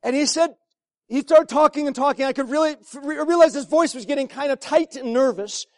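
Male preacher with a very high voice and a dry, close sound; his delivery swings from hushed near-whispers to shouting, with repeated phrases for emphasis. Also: a little fast, dry recording. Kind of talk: sermon.

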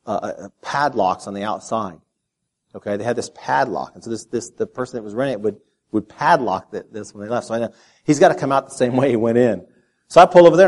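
Animated male preacher from Texas. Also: mid-range voice. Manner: animated storyteller, repeats words while speaking. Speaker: pastor. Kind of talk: sermon with personal story.

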